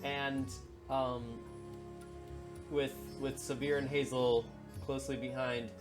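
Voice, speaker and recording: A man's voice: medium pitch, flat delivery, slow, music in the background. Man narrating as game master. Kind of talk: casual chat and game narration.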